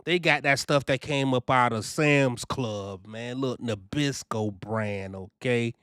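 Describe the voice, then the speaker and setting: A young man talks in a loose, animated vlog style, filling his speech with "you know" and "man." His voice is smooth and clear at a middling pitch. The recording is dry and close. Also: slow pace, no room sound. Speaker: trucking vlogger. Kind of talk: casual first-person review.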